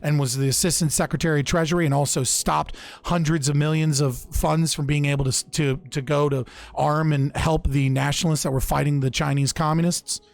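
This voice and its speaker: A man's voice: fairly high pitch, level tone, fairly quick, gravelly, few pauses. A young man casually recounting political history on a podcast, loose and profane, often restarting his sentences. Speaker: podcast speaker.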